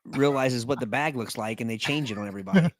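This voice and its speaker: A man's voice: medium pitch, expressive, fast, no echo, studio quality. A man co-hosting a casual podcast, thinking aloud in disbelief with many restarts. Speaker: podcast co-host.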